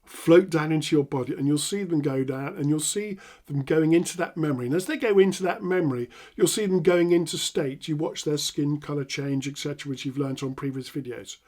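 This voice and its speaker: A middle-aged man with an English accent, a hypnotherapist teaching an NLP technique with animated demonstrations. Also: on the high side, a little fast, hardly any pauses. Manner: animated, acts out laughing prompts with loud bursts. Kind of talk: instructional talk with demonstrations.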